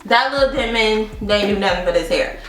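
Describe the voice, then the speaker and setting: A young woman chats through a beauty product review, spinning an animated story and laughing often as she talks to her viewers. Her voice sits a little back from the mic in a roomy, echoing space. Soft music plays faintly underneath. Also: medium pitch, brisk, distant mic. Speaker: beauty vlogger. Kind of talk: casual chatty product review.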